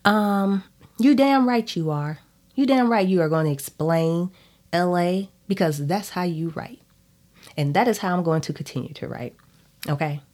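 A woman's voice: on the low side, normal speed, darkish tone. A woman author and podcast host talking casually to her listeners, frank and emphatic, often checking in with "okay?".

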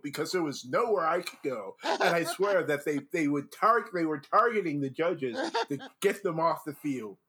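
A man hosting a casual chat, telling animated stories full of restarts and laughter as a former judge. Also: fairly high pitch, normal speed, hardly any pauses, slightly rough. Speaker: podcast host and former drum corps judge.

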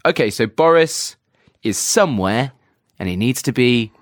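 A man trades jokey asides on a book podcast, his pitch bouncing up and down in a lively way. The recording is close and dry. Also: no echo. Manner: teasing, jokey, quick asides. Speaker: podcast co-host. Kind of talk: casual book-club chat.

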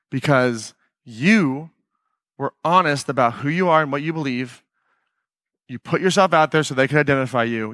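A man's voice: medium pitch, a bit bright, dry recording, clean studio sound. A man hosting his own podcast, talking casually in a blunt, emphatic, swearing manner. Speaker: podcast host. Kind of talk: casual solo podcast monologue.

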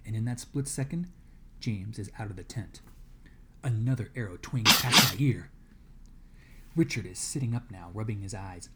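A man's voice: fairly low pitch, normal speed, long pauses, noisy background. A man reading a novel aloud to a class as a guest reader, dramatic and dropping to a whisper in tense moments.

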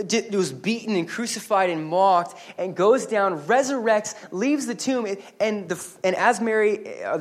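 Animated joking male pastor preaching. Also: high voice. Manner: animated and humorous, with quick restarts and asides. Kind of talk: sermon. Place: church service.

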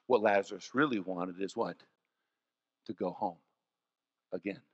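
A pastor preaching a sermon, telling stories in an animated way and swinging from soft, low passages to loud ones. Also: male voice, unhurried, muffled recording. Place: church. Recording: long church reverb.

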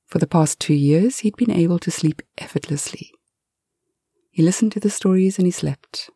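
Low dark husky woman reading a bedtime story, soft half-whisper, slow. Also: dry recording.

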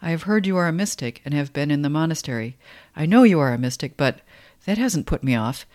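A man voicing a pompous, clever thirteen-year-old boy, speaking eagerly and a little loud, in a book reading. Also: fairly high pitch, brisk, dry recording, close to an everyday voice. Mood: showing off.

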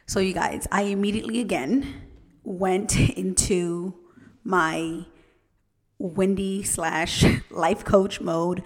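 A woman's voice: fairly low pitch, fairly even intonation, slow pace, in a large hall. A woman telling a personal faith story to her listeners in a casual, earnest way, often turning to them directly. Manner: earnest, personal, addresses listeners as "you guys".

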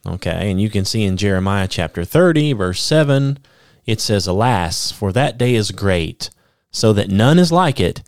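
A man teaching the Bible on a podcast, explaining step by step with many "okay?" checks and reading scripture aloud slowly with emphasis. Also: fairly low pitch, expressive, no echo, studio quality. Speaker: podcast preacher.

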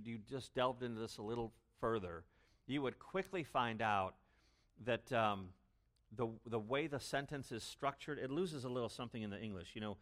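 A man preaching an expository sermon as pastor, stressing words loudly and then dropping to low asides. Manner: emphatic, swings between loud stresses and low asides.

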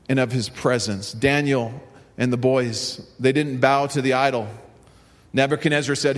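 A man's voice: medium pitch, steady tone, normal speed. Man preaching in a reverberant hall. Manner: storytelling, rising to fervent emphasis. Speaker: pastor. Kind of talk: sermon. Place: church sanctuary. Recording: long reverb of a large hall.

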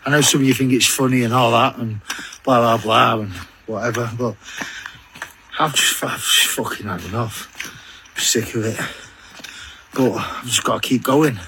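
A man's voice: mid-range voice, a little slow, long pauses, background noise. A man grumbling in a weary, sweary video diary from a walking trail. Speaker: long-distance walker recording a video diary.

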